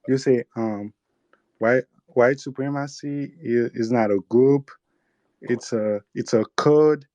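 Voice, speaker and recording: A man's voice: medium pitch, slow, warm tone, no echo, highs cut off. A man with a Haitian accent calling into a talk show, blunt and pushing back hard. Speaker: caller. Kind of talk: argumentative call-in talk.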